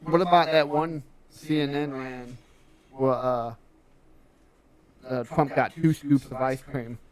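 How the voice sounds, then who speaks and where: A man's voice: mid-range voice, fairly even intonation, slow. A young man co-hosting a podcast stream, telling stories with laughter and swearing in casual banter. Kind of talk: casual chat.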